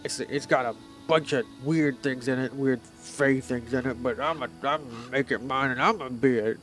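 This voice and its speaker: A man's voice: mid-range voice, steady tone, normal speed, fairly bright tone, lightly acted. A man voicing a drunk, boastful male hill giant who grumbles and rambles with slurred words, with faint music in the background. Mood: tipsy.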